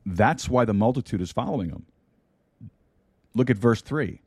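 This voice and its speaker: A man's voice: medium pitch, expressive, moderate pace, darkish tone, husky, no room sound. A man preaching a sermon into a studio microphone, repeating key lines and dropping in light humor. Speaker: pastor. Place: broadcast studio.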